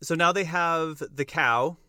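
A young man hosting a podcast, recapping a musical in casual chat, animated and quick to laugh. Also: fairly high pitch, clear, resonant tone, dry recording, clean studio sound. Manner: enthusiastic storyteller who acts out lines and laughs often. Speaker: podcast host.

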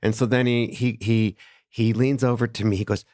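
A man's voice: medium pitch, normal speed, no room sound, studio quality. A man as a podcast guest, telling stories animatedly with many fillers and restarts. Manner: animated, lots of fillers and restarts, laughing storyteller. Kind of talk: casual interview storytelling.

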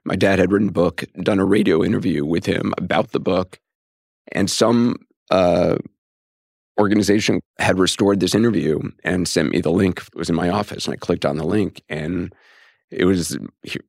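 A man in his fifties hosting a podcast, speaking in a soft, thoughtful way with frequent pauses and fillers. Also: deep voice, fairly even intonation, gravelly, dry recording, studio quality. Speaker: podcast host. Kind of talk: reflective podcast conversation and narration.

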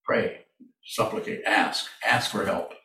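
A man leading a meditation Q&A, speaking slowly and haltingly, often repeating his phrases. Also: lowish voice, noisy background. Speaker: meditation teacher. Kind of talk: Q&A in a dharma talk. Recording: echoey room from far off.

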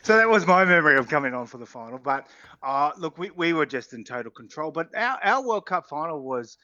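A middle-aged Australian man, once a rugby player and now co-host of a sports radio show, chats casually in an excited, rambling way, laughing often. His voice is a little high and brisk, on a dry, dull recording.

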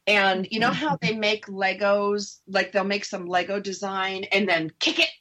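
A woman's voice: medium pitch, steady tone, a little slow, bright, forceful tone. Candid, chatty middle-aged woman. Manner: candid, chatty, acts out her old thoughts. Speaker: co-host sharing her divorce recovery. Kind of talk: casual radio talk.

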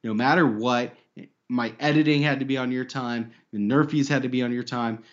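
A man's voice: medium pitch, steady tone, moderate pace, muffled recording. A man co-hosting a podcast in casual banter, joking, laughing often and swearing. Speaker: podcast co-host.

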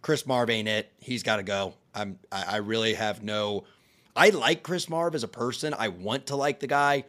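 A man hosting a casual sports talk show, explaining plays step by step and getting animated when he is excited. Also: fairly low pitch, moderate pace. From American South family. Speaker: podcast host. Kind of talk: casual sports analysis chat.

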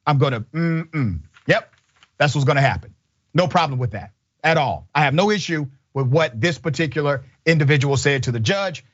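A man hosting a commentary show, with an emphatic, indignant delivery full of rhetorical questions. His voice sits a little high. The sound is dry and slightly dull. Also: fairly bright tone, dry recording. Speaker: show host.

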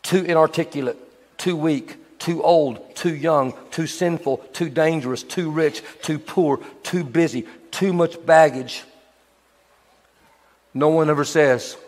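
A man preaches a sermon to his church, slightly high-voiced and animated. He slips into quick voices for biblical figures as he goes. The room rings with a long hall reverb. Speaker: pastor.

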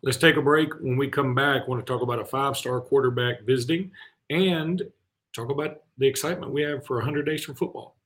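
A man's voice: mid-range voice, brisk, a bit bright. A man co-hosting a sports talk show in a loose, conversational way. His voice sits in an ordinary middle range, and he talks in a chatty, self-deprecating manner. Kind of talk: casual sports radio chat.

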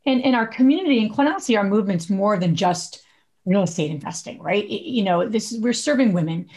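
A woman's voice: medium pitch, lively intonation, fast talker, darkish tone. A woman co-hosting a podcast in casual chat, chatty and full of fillers, laughing as she talks. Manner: chatty, many likes, laughs while talking. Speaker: podcast co-host.

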